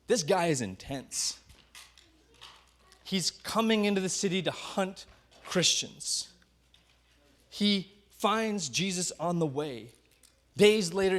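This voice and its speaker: A male pastor preaching a sermon in a conversational storytelling way, slowing down to dwell on key words, with self-deprecating asides. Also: high voice, fairly bright tone.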